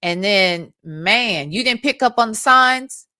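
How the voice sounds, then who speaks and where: A woman's voice: mid-range voice, expressive, slow pace, pushed and bright, dry recording, clean studio sound. A woman streaming live, talking bluntly and with profanity straight to her chat. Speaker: streamer reacting to a radio segment.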